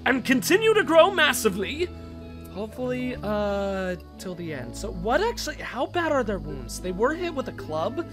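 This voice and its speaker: Guy narrating a colony game, super high voice, jumps all over the place, faint music behind. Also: normal speed. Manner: excitable, shouts orders at the game characters, self-deprecating. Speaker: game let's-play host. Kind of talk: casual gameplay commentary.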